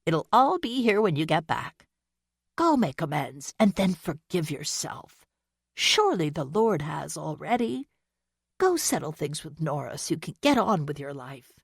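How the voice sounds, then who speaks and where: A woman's voice: sits low, big pitch swings, measured pace, gravelly, slightly rough, no echo, studio quality, heavily acted. A woman playing a kindly motherly hotel keeper. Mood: encouraging. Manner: gentle, soothing and encouraging. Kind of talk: audiobook character reading.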